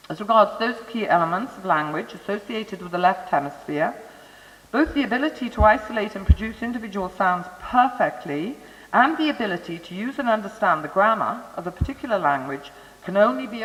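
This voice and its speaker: A lecturer speaks into a microphone in a large hall, the voice trailing off into a long reverb. The delivery is a conversational lecture on Montessori education, thoughtful and chatty, with friendly asides to the audience. The pitch sits in a middle range. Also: fairly bright tone.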